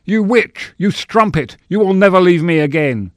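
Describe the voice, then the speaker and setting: A man's voice: high voice, expressive, moderate pace, no room sound, studio quality, pitched above the performer's own voice. Brutish male stage actor, bellowing and raised, played by a male reader. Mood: enraged. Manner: loud ranting.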